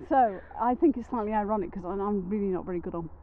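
A woman's voice: mid-range voice, fast, a crowd in the background. A woman co-hosting a podcast, chatting in a rambling, wry, self-mocking way while sitting on a rock outdoors in the hills. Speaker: podcast co-host. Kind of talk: casual outdoor podcast chat. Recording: narrow phone-like sound with faint noise.

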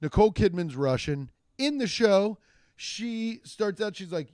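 A man hosting his own comedy podcast alone, rambling in a casual, profane, jokey way with quick asides and restarts. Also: high voice, expressive, a little mellow, no echo, studio quality. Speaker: podcast host and stand-up comedian. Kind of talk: casual solo podcast monologue.

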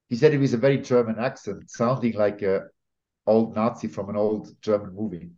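A man from Switzerland, speaking as a guest on an interview podcast in an emphatic, opinionated way, often pausing with fillers and restarting sentences. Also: lowish voice, dark tone. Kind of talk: conversational interview. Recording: slightly dull lo-fi audio.

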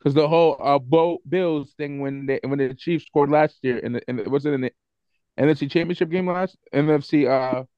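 A man's voice: on the high side, normal speed, clean tone, no echo. A man co-hosting a sports podcast, insistent in casual debate, cutting in and pressing his point. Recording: dry, dull lo-fi audio.

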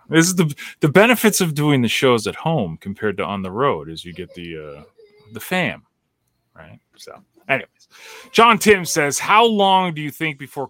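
A laid-back man hosts a podcast from home, reading out viewer questions. His voice is bright and forward, and the sound is dry and close. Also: mid-range voice, no room sound. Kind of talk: casual chat.

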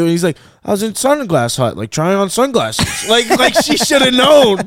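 A man's voice: sits high, normal speed, hardly any pauses, no echo, clean studio sound. A man co-hosting a podcast, telling a story in casual chat, acting out the voices of the people in it and laughing often. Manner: animated, acts out quoted voices, laughs often. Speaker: podcast co-host.

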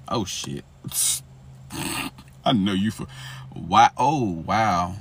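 A man giving a casual tarot reading on his podcast, sassy and expressive, swearing freely. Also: deep voice, extremely slow, long pauses, a little hiss or hum. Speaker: tarot reader.

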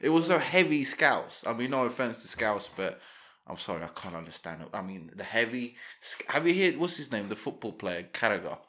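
A British man chatting casually as a podcast guest, relaxed, with casual swearing. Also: on the low side, brisk, lo-fi sound. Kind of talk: casual chat.

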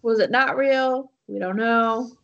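A woman's voice: a little high, measured pace, vocal fry, crowd noise. Rambling woman on lo-fi audio. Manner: rambling with many fillers and laughs. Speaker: podcast co-host. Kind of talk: casual chat, telling a story.

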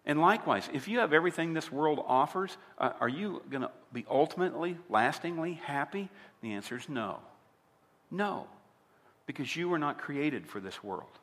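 A man's voice: fairly high pitch, lively intonation, normal speed, a bit bright. Emphatic male pastor preaching in a hall. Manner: emphatic, asks the audience rhetorical questions. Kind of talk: sermon.

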